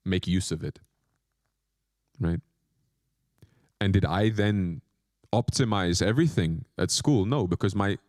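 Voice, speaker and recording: A man, a monk, giving a spiritual lecture, telling stories and asking the audience questions, and slowing down to stress key points. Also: low voice, no echo, studio quality. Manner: animated storytelling with questions to the audience.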